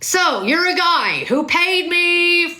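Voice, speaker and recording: A woman putting on the voice of a brash male coach who yells and swears at a client. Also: mid-range voice, big pitch swings, fast talker, reverberant. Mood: scolding. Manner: loud, aggressive, swearing.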